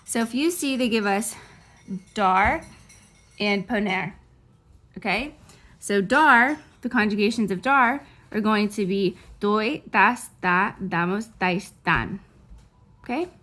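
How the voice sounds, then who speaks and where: A woman Spanish teacher giving a recorded online grammar lesson, chatty and reassuring, slowly drilling verb conjugations into a close microphone. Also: mid-range voice, fairly bright tone.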